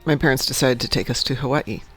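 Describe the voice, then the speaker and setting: A man co-hosting a livestream, telling a family story in a lively, animated way. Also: mid-range voice, fast, soft background music. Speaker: co-host. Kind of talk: casual chat on a livestream.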